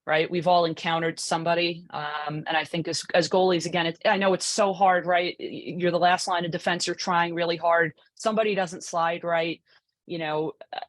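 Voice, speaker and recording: A woman's voice: lowish voice, no echo. A woman coach giving a conversational presentation, chatty, full of asides and rhetorical "right?" tags. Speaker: lacrosse goalie coach presenting.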